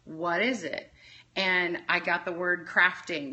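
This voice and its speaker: Texas lady rambling thru a story on a phone livestream, bright and punchy. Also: fairly low pitch, measured pace. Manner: rambling, tangent-prone storytelling. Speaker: interview guest. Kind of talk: casual chat.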